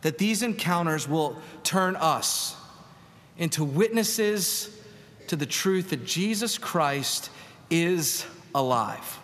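A man's voice: a little high, animated, slow pace, fairly bright tone. A man preaching a sermon as pastor, in a conversational style with rhetorical questions to the congregation. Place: large church sanctuary. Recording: long reverb of a church hall.

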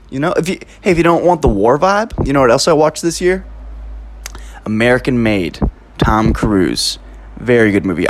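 Solo podcast host, young man, mid-pitch, swears freely, emphatic rambling rant. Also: a little hiss or hum.

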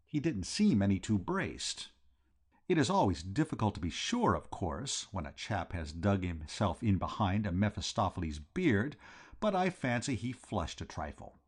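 A man reading a comic novel aloud in a wry, lively first-person narration. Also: on the low side, normal speed, breathy edge. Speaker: audiobook reader.

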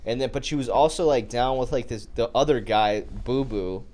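A man's voice: mid-range voice, moderate pace, darkish tone. A man co-hosting a podcast, recounting things in a laid-back, profane way. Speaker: podcast co-host. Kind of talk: casual chat.

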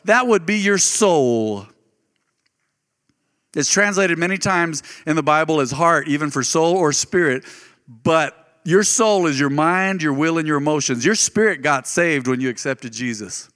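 A man preaching a sermon, telling a personal story with animated, folksy delivery and sudden jumps in pitch. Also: normal speed. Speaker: pastor. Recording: reverberant hall.

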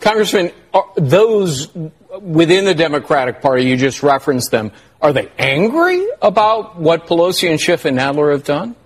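Husky male co-host with brisk interjections. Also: a little high, big pitch swings. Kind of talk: political interview.

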